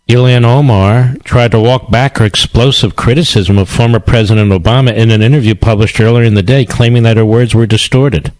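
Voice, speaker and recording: A man's voice: medium pitch, steady tone, brisk, few pauses, darkish tone, dry recording, rough recording. A male radio talk show host delivering a combative, sarcastic political monologue with emphatic repetition.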